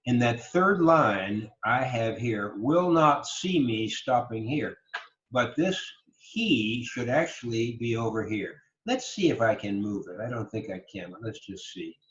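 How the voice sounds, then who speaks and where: A man giving a recorded online lecture, speaking slowly and emphatically and exaggerating word stress to demonstrate. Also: fairly low pitch, animated, fairly bright tone. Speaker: college lecturer. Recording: roomy, dull lo-fi recording.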